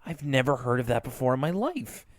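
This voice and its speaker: A man co-hosting a podcast in casual chat, retelling cartoon scenes in an animated way, with lots of fillers and laughs. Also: mid-range voice, brisk, no room sound. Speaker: podcast co-host.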